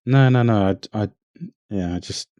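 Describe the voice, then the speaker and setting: Man, deep voice, dry close sound, low-key, corny jokes, podcast co-host. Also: normal speed, dark tone, dry recording. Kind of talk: casual chat.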